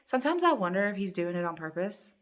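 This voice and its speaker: A woman's voice: medium pitch, big pitch swings, quick pace, a bit bright. A middle-aged woman hosting a crochet channel, chatting casually and rambling with many ums from her living room at home. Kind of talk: casual chat to camera.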